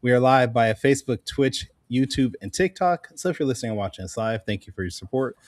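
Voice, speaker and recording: A man's voice: mid-range voice, brisk, no room sound. A man hosts a casual comics podcast, teasing his co-host and opening with a mock ringmaster introduction. His voice sits in a middle register. The mic is close and dry, with no room sound. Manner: playful, joking, announcer flourish.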